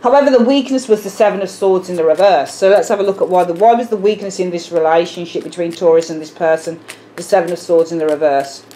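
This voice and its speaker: A woman's voice: lowish voice, quick pace, warm tone, a little hiss or hum. A woman with a British accent giving a casual tarot reading to camera, musing aloud and often repeating herself with fillers. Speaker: tarot reader.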